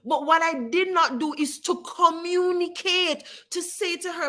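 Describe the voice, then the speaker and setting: A woman's voice: very high voice, fairly even intonation, a little slow, few pauses, fairly bright tone. A woman hosting a live stream, talking directly and encouragingly to her viewers and calling on them by name. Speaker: livestream host. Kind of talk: live-stream advice talk.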